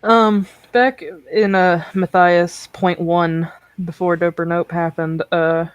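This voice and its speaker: A woman's voice: lowish voice, flat delivery, slow pace, clear, resonant tone, no echo, dull audio. A woman guest on a podcast in casual chat, throwing in dry teasing quips.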